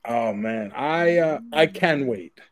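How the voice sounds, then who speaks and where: A man's voice: mid-range voice, lively intonation, slow pace. Easygoing man co-hosting a podcast. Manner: easygoing, joking, wraps up the show with plugs. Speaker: podcast co-host. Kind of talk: casual chat.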